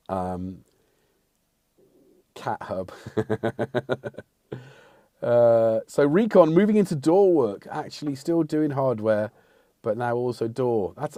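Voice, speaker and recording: This livestream host is a middle-aged man from England, chatting casually, rambling and making fun of himself while responding to viewers. His mid-range voice is mellow, captured in a dry, studio-quality recording.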